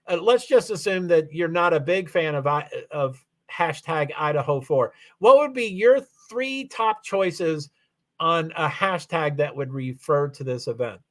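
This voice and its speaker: Chatty man rambling on a livestream. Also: a little high. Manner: rambling, self-correcting, chatty with frequent fillers. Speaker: live streamer reading chat. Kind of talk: casual livestream chat.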